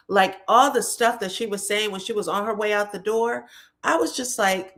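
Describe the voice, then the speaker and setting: A woman's voice: mid-range voice, normal speed, a bit bright. A woman casually recapping a reality show episode in a chatty, conversational way. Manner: chatty, conversational, drops in "you know what I'm saying".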